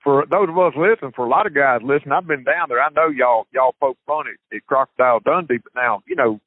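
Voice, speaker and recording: A man's voice: mid-range voice, fast talker, no echo. Southern male podcast host, folksy casual chat, phone-quality dry sound. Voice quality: folksy, repeats words. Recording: tinny phone-like line, dry.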